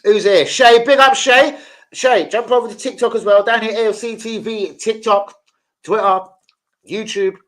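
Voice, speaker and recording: A high-pitched young male host talks transfer news at a moderate pace on his football channel's live stream. He's animated and jokey, reading out names from the chat.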